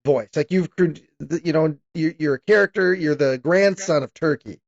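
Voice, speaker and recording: A man's voice: fairly high pitch, normal speed. A man co-hosting a podcast, chatting casually about movies and stumbling over his words. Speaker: podcast co-host. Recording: dull, lo-fi mic.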